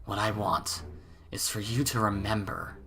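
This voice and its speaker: A man voicing a creepy, mysterious young man who speaks softly, quietly and deliberately. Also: on the low side, steady tone, faint music behind. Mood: menacing. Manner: soft, quiet, eerie, deliberate.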